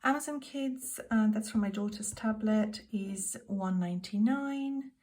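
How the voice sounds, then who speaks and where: A British woman in her thirties, a budgeting vlogger, goes through her monthly household bills at home, casually addressing viewers as "guys." Her medium-pitched voice is measured and kept soft, nearly a whisper, so her sleeping daughter stays asleep.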